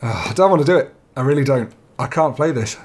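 Quick and expressive at a medium pitch, this young let's play gamer jitters his way through a horror game. He coaches himself through the scares out loud and lets a curse slip occasionally.

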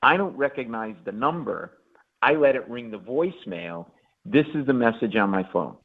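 A man's voice: mid-range voice, expressive, normal speed. A male comedian telling a story animatedly in a radio interview, acting out quotes and stammers. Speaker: guest comedian. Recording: tinny phone-line audio.

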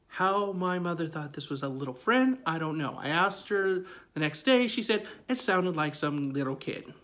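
A man's voice: a little high, expressive, normal speed, few pauses, a bit bright. A man in his forties telling a true ghost story in a conversational, emphatic way, often repeating his phrases. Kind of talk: casual spoken storytelling.

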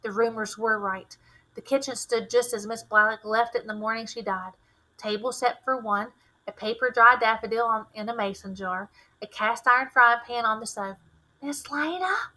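A woman teacher reading a novel aloud with expressive, fluent narration. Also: fairly high pitch, moderate pace, low-quality recording.

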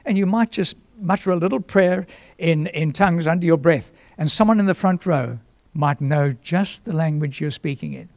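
Older male pastor, slightly high voice, storytelling sermon, frequent throat clearing. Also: no echo. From South Africa.

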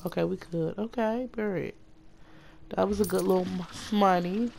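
A woman giving casual, chatty commentary as she plays a life-simulation game, talking excitedly to her viewers. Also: mid-range voice, moderate pace, gravelly, slight background noise. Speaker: let's play host.

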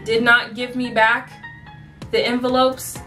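Here is a woman on a storytime vlog, sassy and animated as she talks. Her voice is fairly high and very bright. She sits a little back from the mic, and faint music plays underneath. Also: a little slow, far from the mic. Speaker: vlogger telling cashier stories.

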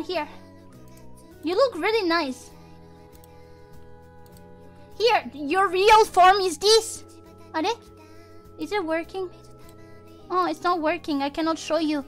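A woman streaming casual chat to her viewers, playful and excitable, with non-native English phrasing. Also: extremely high pitch, unhurried, pauses often, soft background music. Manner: playful, excitable, slips into mock outrage. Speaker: VTuber streamer.

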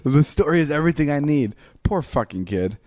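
A man's voice: on the high side, lively intonation, fairly quick, a little mellow. Blunt, swearing man co-host. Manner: blunt, profane, asks eager questions. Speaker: podcast co-host. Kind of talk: casual chat.

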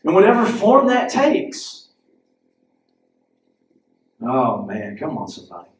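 In a church sanctuary, a male pastor preaches a sermon with animated storytelling, laughing and acting out the characters' lines. His voice is on the high side and slow. The audio is poor, reverberant and distant from the mic, with a little hiss or hum.

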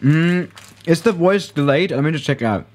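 A man's voice: fairly high pitch, animated, moderate pace, a little mellow. A man chatting casually on a live stream while playing a flight simulator, rambling and correcting himself as he goes. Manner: rambling, self-correcting, laid-back.

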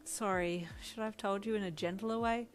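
A woman's voice: medium pitch, steady tone, moderate pace, soft background music, lightly acted. A woman reading a flustered girl in a boy's body. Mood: whiny. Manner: exasperated, whiny. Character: young woman stuck in a rude boy's body.

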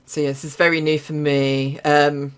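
A young woman with an Essex accent streams herself playing a game, keeping up a loose, chatty running commentary. She reacts quickly with sudden exclamations and laughs in between her remarks. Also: low-pitched, level tone, clear, resonant tone. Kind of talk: live gameplay commentary.

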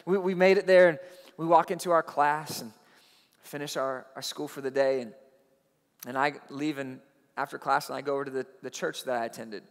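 A man preaching a sermon, telling a personal story in an animated way that rises loud at the tense moments. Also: medium pitch, fairly quick. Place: church auditorium. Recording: long hall reverb.

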